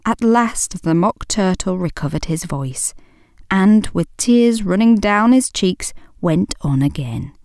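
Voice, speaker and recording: Slow, expressive woman reading a storybook. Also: medium pitch, no room sound, studio quality. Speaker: audiobook reader. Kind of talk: storybook narration.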